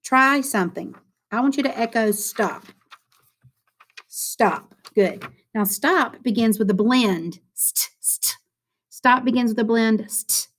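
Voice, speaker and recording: Woman teacher doing a phonics lesson for little kids, sing-songy, encouraging, drags words out slow. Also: on the high side, fairly bright tone, a little hiss or hum. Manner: sing-song, encouraging, drawn-out classroom phrasing. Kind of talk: phonics lesson for young children.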